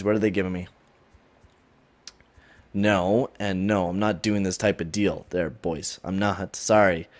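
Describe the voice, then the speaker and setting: A young man giving rambling casual commentary over a sports video game, swearing often and breaking into hyped bursts. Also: medium pitch. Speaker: gaming channel host.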